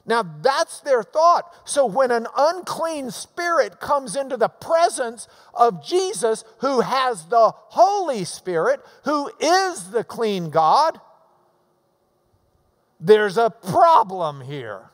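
Slow, high-voiced preacher in a hall. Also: male voice, very animated. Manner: slow, emphatic teaching with repeated phrases. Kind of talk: sermon.

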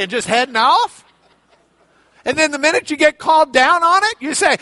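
High, lively preacher acting out scripture. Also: male voice, normal speed, no room sound. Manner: animated storytelling, acting out characters in casual voices. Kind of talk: sermon.

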